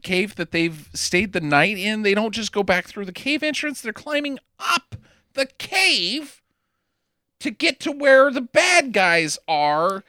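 A man recapping a film with a podcast co-host, his voice bright and lively and swinging up and down as he jokes. He is sarcastic and swears freely. The sound is close and dry. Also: high voice, takes it slowly, dry recording. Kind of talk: casual movie-recap chat.

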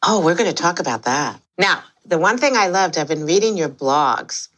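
An older woman hosts a podcast in a bubbly, easy way, laughing often. Her voice sits a little low for a woman. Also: lively intonation, moderate pace, a bit bright. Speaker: podcast host. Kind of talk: casual podcast chat.

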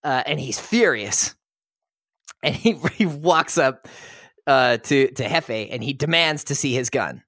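A man's voice: medium pitch, lively intonation, slow, a bit bright, no room sound. Male podcast co-host, laid-back film recap with frequent chuckles, dry close sound. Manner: chuckles while retelling.

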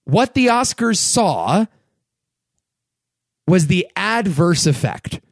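A young man hosts his own podcast, his fairly high voice leaping up and down as he rants. The sound is dry and close, with no room around him. He talks in a loose, animated way, his pitch climbing when he gets worked up. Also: takes it slowly, vocal fry, no echo. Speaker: podcast host. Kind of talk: casual solo podcast commentary.

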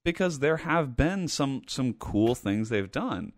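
A man co-hosting a gaming podcast, speaking in casual chat. He is animated and emphatic and repeats points for effect. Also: medium pitch, slow, no echo, studio quality. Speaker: podcast host.

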